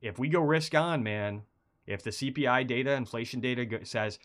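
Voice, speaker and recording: Fairly low-pitched and a little fast, this stream host rambles through charts in a conversational way, now and then bursting into excitement. He seems a bit unwell, his energy flagging.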